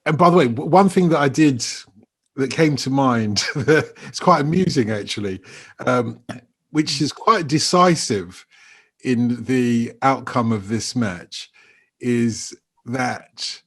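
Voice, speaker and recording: A man's voice: mid-range voice, slow pace, slightly rough. A man hosting a podcast, explaining at length and laughing easily. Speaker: podcast host. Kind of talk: casual chat.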